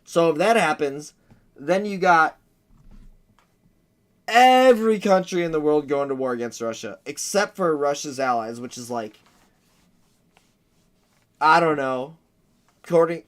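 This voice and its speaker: A man's voice: fairly high pitch, a little slow, pauses often. A man hosting a livestream, commenting crudely and jokingly on a map. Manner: crude, joking, acts out war noises. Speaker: livestream host.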